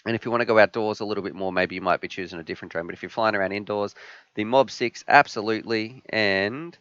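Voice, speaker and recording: A man's voice: fairly low pitch, fast talker, fairly bright tone, smooth, dry recording, dull audio. A man with an Australian accent hosting a live stream Q&A, upbeat as he reads viewer questions aloud and answers them. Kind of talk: live stream Q&A, casual chat.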